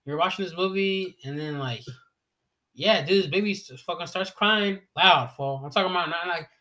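A man's voice: high-pitched, moderate pace. A young man in casual chat, swearing freely and telling stories with slang. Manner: profane, slangy, animated storytelling.

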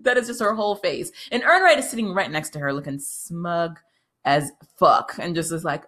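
A woman with a somewhat low voice talks through a TV episode in a loose, unscripted recap. She is chatty and swears freely. Laughter slips into her telling. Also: lively intonation, moderate pace, fairly bright tone. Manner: chatty, profane, laughs often. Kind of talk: casual recap monologue.

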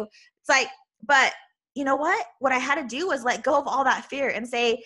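A loud, bubbly woman gives a motivational podcast talk as a self-love coach. Her voice is bright and a little high, and she keeps checking in with her listeners with a quick "right?". The tone stays earnest and encouraging throughout. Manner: earnest, with many "right?" tags.

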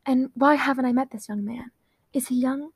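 A woman voicing a blunt, nosy teenage girl who fires off brisk questions. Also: sits high, a little hiss or hum, pitched above the performer's own voice. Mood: prodding.

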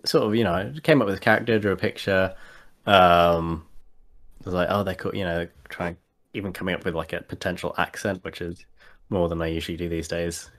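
A man with a very low voice talks casually about tabletop games. He hesitates often, piling up fillers and restarting his sentences as he thinks aloud. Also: fairly bright tone. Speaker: podcast guest.

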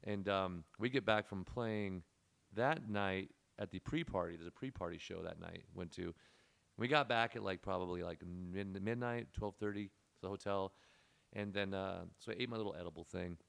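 Fast, gravelly low-voiced man. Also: fairly bright tone. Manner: rambling, laid-back storyteller with lots of fillers. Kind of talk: casual storytelling chat.

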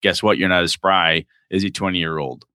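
Podcast co-host, male, very low and bright voice, dry close sound, rambling casual talk. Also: steady tone, moderate pace, dry recording. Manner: rambling, thinks aloud with restarts. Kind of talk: casual chat about role-playing games.

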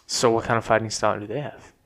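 A man's voice: lowish voice, steady tone, fast talker, a bit bright. A young man co-hosting a casual podcast, easygoing, teasing and asking lots of questions. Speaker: podcast co-host. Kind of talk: casual chat.

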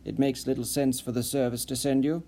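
A man reading an audiobook, voicing a shrewd, seasoned spy who talks in a measured, pointed, dryly ironic way. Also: mid-range voice, fairly even intonation, gravelly, warm tone. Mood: probing. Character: shrewd seasoned male spy, dry and probing.

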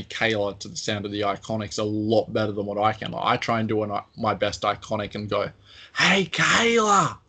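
A man with a Queensland Australian accent, co-hosting a podcast in a rambling, self-deprecating casual chat. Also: on the low side. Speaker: podcast co-host.

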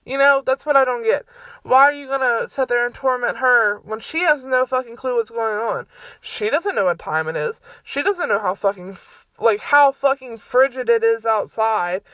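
A woman's voice: on the high side, lively intonation, moderate pace, a bit bright, no room sound. A young adult woman hosting her own podcast, ranting in a heated, profane and exasperated way from a bedroom at home. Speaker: solo podcast host. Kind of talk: casual ranting monologue.

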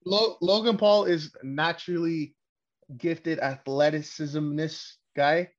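A man from Canada hosting a casual wrestling podcast, talking in a rambling, profane way that keeps getting excitable. His voice sits a little high for a man. The recording sounds dull and lo-fi. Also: slow, crowd noise. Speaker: podcast host.

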